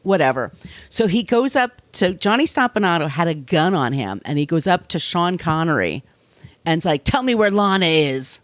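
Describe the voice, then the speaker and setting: A woman podcast host telling a true-crime story in casual chat, sardonic and quick to laugh. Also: sits low, sing-song, dry recording. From Long Island, New York. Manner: chatty, sardonic, laughs often, slips into put-on voices.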